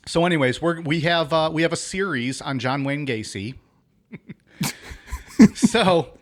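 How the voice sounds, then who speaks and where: A man co-hosting a podcast in casual chat, joking, swearing and laughing often. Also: fairly high pitch. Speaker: podcast co-host.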